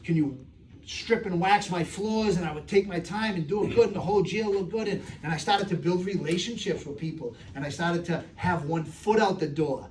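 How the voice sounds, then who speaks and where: Middle-aged man, streetwise and earnest, speaking to a room from a distance with faint noise behind, voice sitting a bit high. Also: fairly quick, few pauses, darkish tone. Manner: streetwise, earnest, tells stories with acted voices. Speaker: speaker answering audience questions. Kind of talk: live audience Q&A. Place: room with a live audience.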